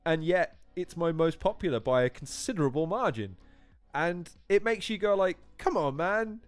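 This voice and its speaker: Animated man with lively swings. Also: on the high side, normal speed. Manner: animated, rambling, swears freely. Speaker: YouTuber hosting a livestream. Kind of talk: casual livestream chat. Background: faint background music.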